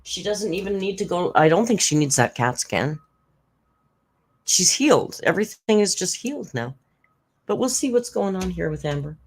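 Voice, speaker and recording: A woman's voice: on the low side, expressive, moderate pace, breathy edge. A woman hosting a reaction commentary, sarcastic and blunt, swearing freely. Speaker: commentary channel host.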